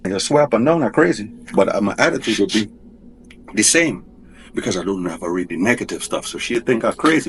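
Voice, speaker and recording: A man's voice: on the low side, animated, fairly quick, a little hiss or hum. Rambling man, colloquial and insistent. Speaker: husband in a divorce dispute. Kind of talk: casual rambling talk.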